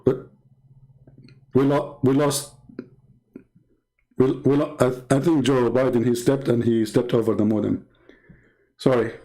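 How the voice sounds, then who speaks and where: A man's voice: mid-range voice, fairly even intonation, measured pace, long pauses, mellow. A man hosting a live stream, giving a sarcastic, mocking polemical monologue with chuckles.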